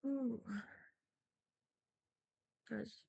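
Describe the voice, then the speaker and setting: A woman's voice: a little high, fairly even intonation, extremely slow, vocal fry, mellow, slightly rough, lo-fi sound. Chatty young woman streamer reading aloud. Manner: chatty, giggly, rambling asides. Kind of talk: casual reading aloud with asides.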